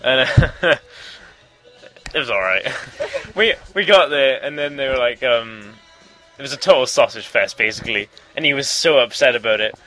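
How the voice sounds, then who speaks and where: A young man telling childhood stories to friends in casual chat, often laughing and slipping into quick impressions. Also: medium pitch, animated, sharp tone, faint music behind, rough recording. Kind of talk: casual storytelling among friends.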